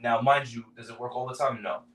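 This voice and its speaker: Animated storytelling man, roomy distant sound. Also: mid-range voice, quick pace, slight background noise. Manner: animated, acts out quoted voices, swears freely. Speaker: podcast co-host. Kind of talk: casual storytelling chat.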